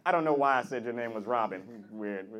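A man's voice: medium pitch, animated, fast talker, a bit bright. A man doing crowd work at a comedy club, teasing audience members with playful mock voices. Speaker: stand-up comedian. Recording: live club recording with audience noise.

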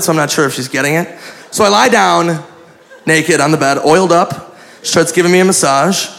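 A male stand-up comic with a fairly high, gravelly voice tells a crude, profane story, acting out each line of dialogue. He is recorded live on a club stage through a handheld mic, with audience laughter and room noise behind him. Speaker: stand-up comedian.

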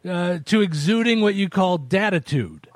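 A man's voice: high voice, expressive, moderate pace, dry recording. A man hosting a radio comedy show, upbeat and chuckling as he interviews a guest. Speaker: radio host.

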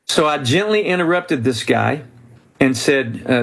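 A man's voice: a little high, expressive, unhurried, creaky. A man telling a story as a guest in an interview, speaking earnestly and with animation, often restarting his sentences. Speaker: author and guest.

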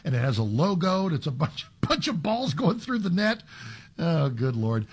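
A man's voice: fairly high pitch, big pitch swings, normal speed, husky. A man hosting a talk radio show, giving conversational commentary with frequent restarts and sarcastic asides.

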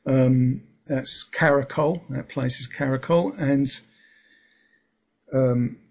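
Gravelly, husky man rambling in casual talk. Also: mid-range voice, fairly even intonation, slow pace, a little mellow. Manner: rambling, restarts often, fills with um and yeah. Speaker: guest. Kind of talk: casual interview chat. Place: lives in England.

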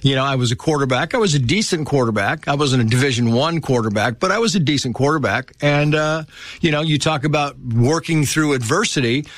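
Animated man telling stories, dry sound. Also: mid-range voice, a little fast, no room sound. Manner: animated storyteller, acts out quoted voices. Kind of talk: casual storytelling chat.

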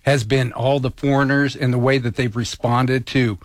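A man's voice: medium pitch, steady tone, moderate pace, no room sound, studio quality. A man chatting casually on a radio show, telling a story with enthusiasm. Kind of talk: casual chat.

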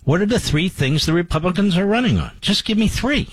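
A man's voice: sits high, expressive, brisk, breathy edge, no room sound. A man hosting a talk show, giving emphatic, incredulous political commentary.

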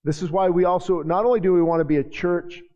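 A man preaching a sermon in a church, joking with the congregation and building to shouted passages. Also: sits high, steady tone, quick pace. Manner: jokey asides to the congregation. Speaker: pastor. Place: church sanctuary. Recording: hall reverb, dull lo-fi sound.

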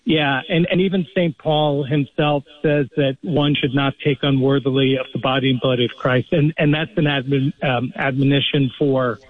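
A man's voice: medium pitch, steady tone, moderate pace, hardly any pauses. Earnest male caller on a tinny phone line. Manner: earnest, explanatory, many restarts. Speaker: radio caller. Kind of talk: phone-in call.

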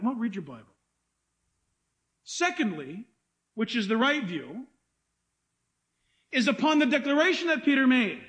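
A pastor preaching an animated sermon, acting out quotes and asking the congregation questions. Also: male voice, very high-pitched, a little slow, long pauses.

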